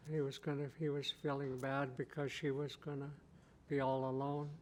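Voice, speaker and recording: A man, a tribal chief giving a keynote, telling a traditional story in plain, repetitive phrasing. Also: a little high. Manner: slow, repetitive, plain-spoken.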